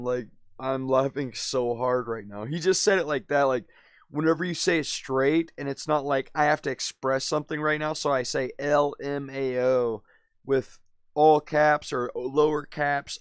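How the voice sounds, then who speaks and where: A man's voice: medium pitch, clear, resonant tone, no room sound. A man live streaming, telling a story in a rambling, slangy way, constantly saying "dude" and "man". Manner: laughs often, drifts loud then quiet.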